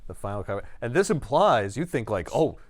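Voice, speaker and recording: A man co-hosting a relaxed comic-book podcast who questions and reacts to his partner. His voice is mid-pitched but swings extremely widely. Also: fairly quick. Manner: inquisitive, reactive, laughs often. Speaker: podcast co-host. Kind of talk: casual chat.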